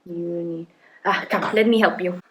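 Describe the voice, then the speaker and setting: A woman playing a mother in a demonstration skit, gently coaching her child to sound out words step by step. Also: on the low side, fairly even intonation, measured pace, natural voice, rough recording. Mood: encouraging. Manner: gently encouraging, prompting step by step. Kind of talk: acted parenting demonstration skit.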